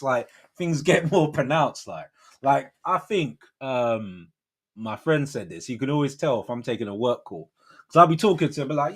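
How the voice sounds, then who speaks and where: A man's voice: mid-range voice, lively intonation, moderate pace, slightly rough. A man in his forties hosting a livestream, chatting casually in slangy, rambling talk with frequent laughs. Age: 40s. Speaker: livestream host. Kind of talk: casual chat.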